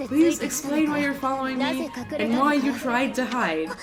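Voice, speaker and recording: A woman's voice: sits high, over loud music, lightly acted. A woman voicing a stern, composed young female royal who speaks firmly and measuredly. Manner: firm, measured, commanding.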